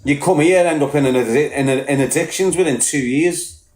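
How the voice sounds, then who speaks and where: A man's voice: fairly high pitch, a little fast, a little mellow, roomy sound. A man with a Liverpool accent ranting bluntly on a podcast, combative and full of swearing. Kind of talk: heated podcast rant.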